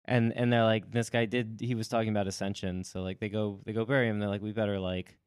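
A man casually retelling a story in a rambling, animated way, slipping into quick voiced asides. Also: on the low side, smooth, dry recording, studio quality.

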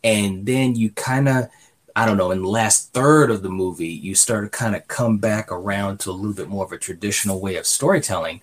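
A podcast co-host rambles casually through a movie review, his talk full of fillers and frequent "you know"s. His voice is on the low side and a little fast.

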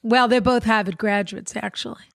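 A woman's voice: fairly high pitch, steady tone, moderate pace, dry recording, studio quality. A woman co-hosting a podcast in casual chat, playful and theatrical, teasing her co-host.

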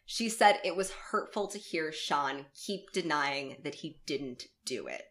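A woman with a lowish voice who reads a true story aloud to her podcast co-host. She keeps the telling steady but cuts in with blunt, sweary remarks. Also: a little slow. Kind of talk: narrating a true story in casual chat.

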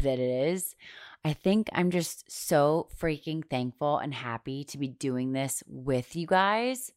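A woman's voice: extremely low pitch, a little mellow, clean tone, dry recording, clean studio sound. A woman in her thirties hosting a podcast in casual chat, chatty and self-deprecating, swearing casually. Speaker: podcast host.

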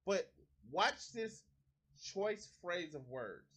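High bright profane ranting man. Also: big pitch swings, very slow, slightly rough. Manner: profane, heated ranting with mocking impressions. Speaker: commentary streamer. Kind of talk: angry reaction commentary.

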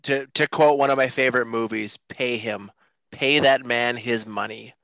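A man's voice: medium pitch, fairly even intonation, moderate pace, sharp tone, no echo, muffled recording. A man co-hosting a football talk show, earnest and emphatic in his views. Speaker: sports podcast co-host. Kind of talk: casual sports talk.

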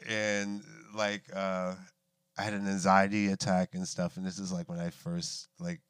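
A man in his thirties, appearing as a guest, casually tells stories from his life, laid-back, swearing freely and laughing as he goes. His voice is deep, unhurried and level, a bit bright with a clear, resonant tone and no echo.

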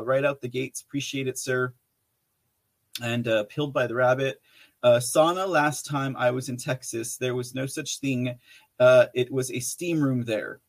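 Rambling male podcast host reading chat. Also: medium pitch. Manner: rambling with many fillers and restarts, laughs often, reads chat messages aloud. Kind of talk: casual live-chat talk.

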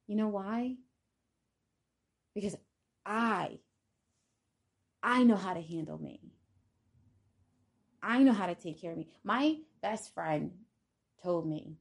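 A woman's voice: lowish voice, gravelly, a little mellow. A woman vlogger giving a casual spiritual monologue in a blunt, profane, defiant manner.

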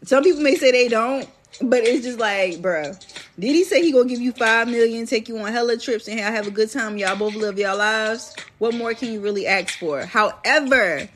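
A woman's voice: on the high side, normal speed, a bit bright, a little hiss or hum. A young woman hosting a podcast, ranting bluntly in casual slang-filled chat. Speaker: podcast host.

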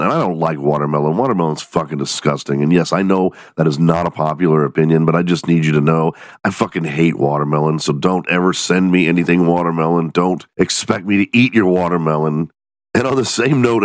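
A man from Texas hosting a podcast, ranting in a profane, animated way and acting out the people in his stories. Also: deep voice, no room sound. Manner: profane, animated storytelling with mock voices. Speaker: podcast host. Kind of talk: casual comedic podcast rant.

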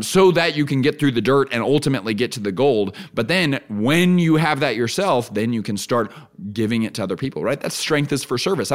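A man at a middle pitch, hosting a solo podcast in an earnest, teaching tone. He repeats key phrases for emphasis and drops in a conversational "right?" now and then. When he acts out examples he turns lively and laughs easily. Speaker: podcast host.

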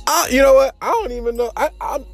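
A man's voice: extremely high pitch, fast talker, soft background music. A young man with an African American Vernacular English accent, hosting a show in loose, profane casual commentary with laughing asides. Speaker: podcast host.

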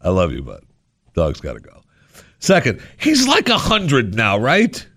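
A man's voice: medium pitch, wildly swooping pitch, a little slow, sharp tone, no echo. A man hosting a radio talk show, rambling on in a sarcastic, jokey monologue from a studio microphone.

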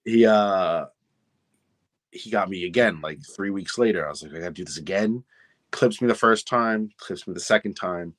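A young adult man, a podcast guest, telling self-deprecating stories in casual chat with lively retellings. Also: low voice, moderate pace, dry recording.

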